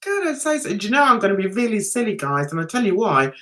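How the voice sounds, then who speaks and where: Bright, lively older woman chatting. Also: medium pitch, fast talker. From England. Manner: chatty, giggly, rambling. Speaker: livestream host. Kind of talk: casual livestream chat.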